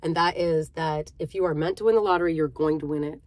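A woman's voice: low voice, quick pace, darkish tone, dry recording. A woman vlogger telling a personal story in a casual, chatty way, often speaking straight to her viewers. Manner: chatty, conversational, with fillers and direct address.

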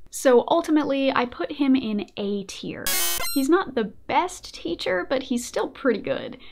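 A young adult woman hosting a casual commentary video, playful and animated, often laughing. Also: high voice, unhurried, creaky, slight background noise. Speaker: video essayist host.

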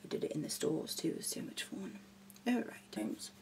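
A woman's voice: medium pitch, animated, moderate pace, creaky, slight background noise. A young woman chatting casually and goofily while doing a makeup tutorial. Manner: goofy, chatty and rambling. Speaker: beauty vlogger.

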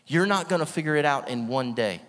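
A man's voice: a little high, lively intonation, fairly quick, a bit bright. A man preaching a sermon with energy and emphasis, asking the room rhetorical questions and laughing often. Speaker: guest preacher. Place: church hall with long reverb. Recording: reverberant church hall.

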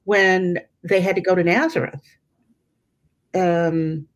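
Lowish-voiced woman teaching faith casually. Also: fairly even intonation, slow. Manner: conversational, many fillers and restarts, acts out quoted voices. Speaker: Catholic teacher leading a prayer study. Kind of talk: informal religious teaching.

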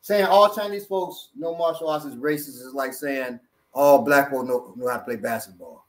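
A man teaching self-defense moves in a lively, joking manner, often repeating words as he demonstrates. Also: medium pitch, moderate pace. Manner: animated, jokey, repeats words. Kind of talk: hands-on demonstration.

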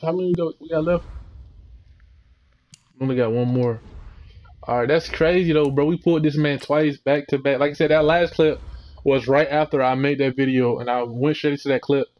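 A man's voice: a little high, moderate pace. Laid-back young man reacting to gameplay. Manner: laid-back slangy chatter, sudden excited outbursts. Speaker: gaming channel host. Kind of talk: casual gameplay commentary.

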